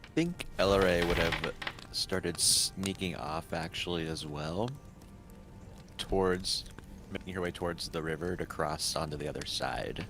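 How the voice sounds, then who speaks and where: A man taking his turn at a tabletop game, with an extremely deep voice and a quiet, considered delivery. Music plays clearly behind him. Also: a little slow. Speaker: player.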